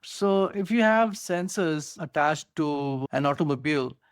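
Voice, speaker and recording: A man's voice: on the high side, lively intonation, a little slow, clean tone, no echo, clean studio sound. A man with an Indian accent co-hosting a podcast, explaining technology eagerly with many "you know" fillers. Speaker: co-host. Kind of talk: casual tech podcast chat.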